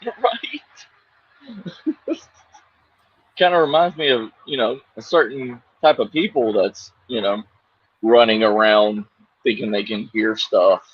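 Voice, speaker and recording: A man co-hosts a casual live-stream chat, drawling along at an unhurried pace and breaking into laughter often. His voice is husky and the sound is dry and a little dull and muffled. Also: on the low side, no room sound. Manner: laughs often, drawn-out rambling talk. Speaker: co-host of a live survival chat show.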